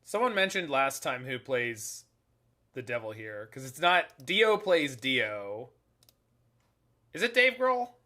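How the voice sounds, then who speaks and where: Bright-voiced chatty man streaming a game. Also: medium pitch, sing-song, slow pace. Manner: chatty, rambling, lots of filler likes; jokey asides, laughs at his own remarks. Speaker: streamer playing an online card game. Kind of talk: casual live-stream commentary.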